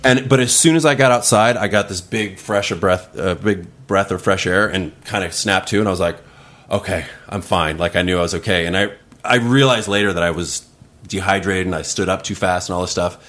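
A man's voice: deep voice, a little fast, fairly bright tone. A man telling a long story casually on a podcast, rambling with restarts and putting on voices for the people he quotes. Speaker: podcast guest.

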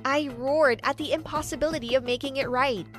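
A woman with a high, light voice tells a first-person story with dramatic storytelling flair. Soft music plays faintly under her narration, keeping a steady podcast feel. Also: brisk.

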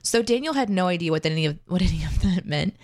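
A woman co-host tells a story in casual chat, her voice sitting on the low side and recorded close and dry. She talks playfully and with animation. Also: expressive, fast talker, a little mellow, dry recording. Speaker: podcast co-host.

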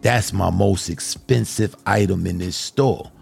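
A proud male storekeeper who lays out his prized goods slowly and deliberately, as a man voices him in a story. His voice is low and gravelly, with faint music underneath. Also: a little mellow, full character voice. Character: calm, proud male storekeeper showing wares.

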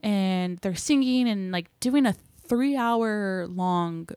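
A woman's voice: medium pitch, slow, clear, resonant tone, no echo. Chatty young woman on a dry mic. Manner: chatty, animated storytelling with many fillers. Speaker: guest, film crew member. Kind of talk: casual interview chat.

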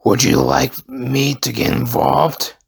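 A gravelly whispering symbiote monster. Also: male voice, mid-range voice, little pitch movement, slow, dry recording, clean studio sound, exaggerated voice. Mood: sinister. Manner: growling, sinister. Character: menacing alien symbiote, male, monstrous.

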